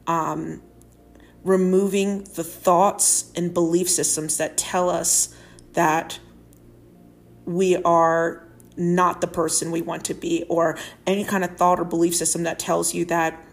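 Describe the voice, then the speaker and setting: A woman talks alone on her podcast, earnest and heartfelt. Her speech rambles and is full of fillers. She is close to tears while also laughing. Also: lowish voice. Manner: emotional, tearful and laughing at once. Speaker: podcast host. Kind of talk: solo podcast monologue.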